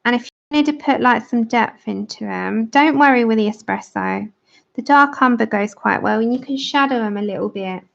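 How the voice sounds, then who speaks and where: A British woman talks casually through a livestream while she colours, chatting with viewers and laughing often. Her voice sits a little high. The sound is dull and lo-fi, like a home stream. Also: moderate pace, gravelly. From Britain. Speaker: livestream host.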